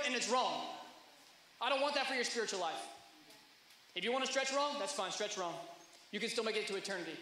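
A man in his thirties preaching a sermon, telling stories that swing from hushed to loud. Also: high voice, lively intonation, fairly quick, pauses often, slight background noise. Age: 30s. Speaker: pastor. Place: church hall. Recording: echoey hall.

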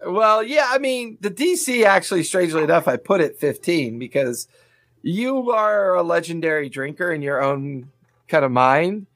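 A man narrating as game master of a tabletop game, with a relaxed, hesitant manner and plenty of fillers. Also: on the high side, normal speed, dry recording.

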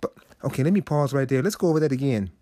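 A man's voice: mid-range voice, expressive, very fast, warm tone, no room sound, studio quality. A man hosting a short devotional segment, preaching in a conversational way with sudden rises and drops. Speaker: inspirational segment host.

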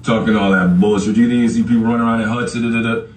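A podcast host with a lowish voice and fairly even intonation races through a casual, profane rant aimed straight at his listeners, laughing often. He sits far from the mic in an echoey room.

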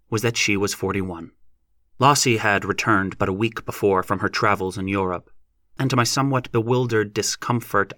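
Low, bright-toned male audiobook narrator. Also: no room sound, studio quality.

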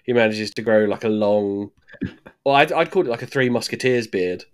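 Low-voiced man chatting about a film. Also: moderate pace, smooth. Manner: chatty, swears casually, acts out lines from scenes. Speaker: podcast co-host. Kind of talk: casual film review chat.

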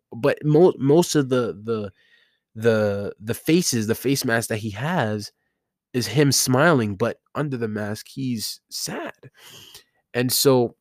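A man's voice: mid-range voice, dry recording, clean studio sound. A man hosting a solo podcast, talking casually and rambling with many fillers and restarts. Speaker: podcast host.

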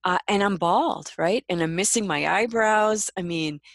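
A woman guest telling a personal story in an interview, reflective and soft-spoken, often laughing. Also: mid-range voice, a little slow, dry recording.

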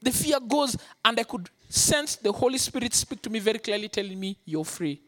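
A man preaching a sermon, telling his own story with lively acted-out quotes. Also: very high-pitched, fairly quick. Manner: animated storytelling, acting out quotes. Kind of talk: sermon testimony.

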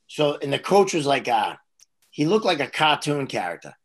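A man's voice: a little high, very animated, moderate pace. A man with a slightly raised voice spins loose, profane anecdotes. He is a podcast guest and a former referee, and he talks unhurriedly from memory. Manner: profane, laid-back anecdotal storytelling. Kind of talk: casual podcast storytelling.

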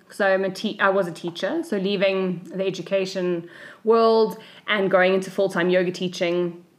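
Lower-voiced South African woman telling a story. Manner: lively, acts out the voices of people in her story. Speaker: podcast co-host. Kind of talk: casual storytelling chat.

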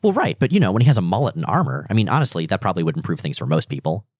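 A man co-hosting a podcast, chatting about comics in an animated, wry way. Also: sits low, very fast, husky, no echo, clean studio sound. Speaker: podcast co-host. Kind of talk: casual comic-book chat.

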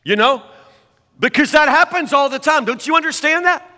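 A man's voice: extremely high pitch, expressive, moderate pace, bright, forceful tone, in a large hall. A man preaching a sermon as a pastor, talking conversationally and often stammering into restarts.

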